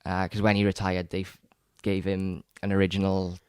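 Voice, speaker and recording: Low-voiced male co-host, excited rambling chat, close and dry. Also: moderate pace, smooth, no echo. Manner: rambling, enthusiastic, frequent restarts and stammers. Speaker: podcast co-host. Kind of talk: casual chat about films.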